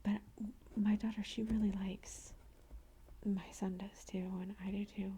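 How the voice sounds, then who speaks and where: Woman whispering a mellow ASMR ramble. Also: mid-range voice, little pitch movement, unhurried, a little hiss or hum. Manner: chatty storytelling, lots of "like" and "blah blah". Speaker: ASMR creator. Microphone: close ASMR microphone.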